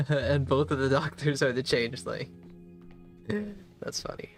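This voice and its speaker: A man streaming a game live, thinking aloud in a slow, halting way and sometimes spelling words out letter by letter. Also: mid-range voice, lively intonation, soft background music. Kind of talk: casual live gameplay commentary.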